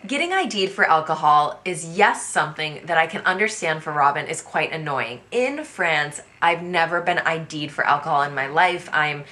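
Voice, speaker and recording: A woman in her thirties from the USA, talking to camera in an energetic, chatty way about culture shocks. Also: deep voice, moderate pace, hardly any pauses. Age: 30s. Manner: energetic, chatty, quotes people in animated voices. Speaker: vlogger. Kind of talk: casual talk to camera.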